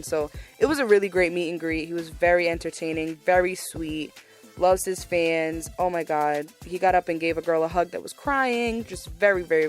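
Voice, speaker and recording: A young woman hosting her podcast, chatting casually and gushing, repeating words for emphasis. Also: fairly low pitch. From Massachusetts, USA. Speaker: podcast host. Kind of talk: casual solo podcast recap.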